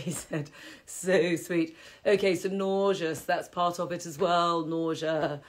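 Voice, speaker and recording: A woman's voice: lowish voice, expressive, moderate pace. A middle-aged woman, teaching a casual live-streamed qigong class in a chatty, rambling way with frequent laughter. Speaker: qigong teacher and health host.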